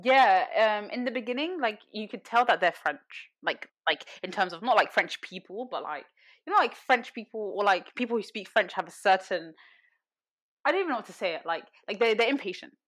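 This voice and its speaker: A woman's voice: medium pitch, a little fast. A young woman, a podcast guest telling stories in casual chat, full of fillers and laughter. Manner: animated storyteller, lots of fillers and laughter.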